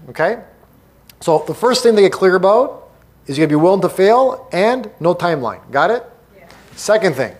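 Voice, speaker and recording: Rallying a live audience as a motivational speaker, a middle-aged man talks in a slightly high-for-a-man voice. His delivery is emphatic and punchy, hammering every point by repeating it.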